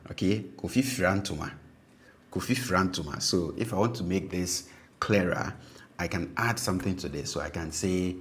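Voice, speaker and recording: A man with a Ghanaian accent teaching a language lesson, explaining patiently and repeating words slowly with frequent check-ins. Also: low voice.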